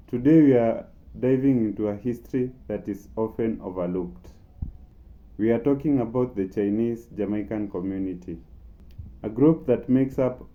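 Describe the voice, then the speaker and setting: Low, muffled male documentary narrator. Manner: emphatic, building suspense. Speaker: narrator and channel host.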